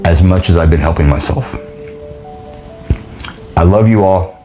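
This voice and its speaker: A man with a deep voice hosts his own podcast, delivering an emotional, heartfelt motivational monologue over music. Close to tears, he keeps halting and starting again.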